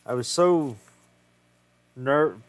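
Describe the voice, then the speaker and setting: A man's voice: medium pitch, drawn-out words, no echo. A man casually talking through a hands-on repair of an old game cartridge, thinking aloud and swearing freely as he works. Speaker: retro game collector.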